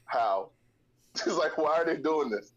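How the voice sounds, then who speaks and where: A man's voice: a little high, lively intonation, a little slow, dull audio, crowd noise. A man telling a funny family story in a casual group voice chat.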